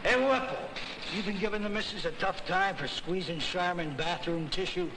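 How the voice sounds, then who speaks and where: An actor playing a bossy, teasing middle-aged grocer in an old TV commercial. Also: male voice, high voice, moderate pace. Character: gruff middle-aged male grocer enforcing rules. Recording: noisy old TV commercial audio.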